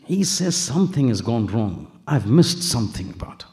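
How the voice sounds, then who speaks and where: Gravelly-voiced male preacher telling a story. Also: mid-range voice, normal speed. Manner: animated storyteller, acts out dialogue, mixes in Arabic and Urdu phrases. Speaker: Islamic preacher. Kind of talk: sermon with storytelling.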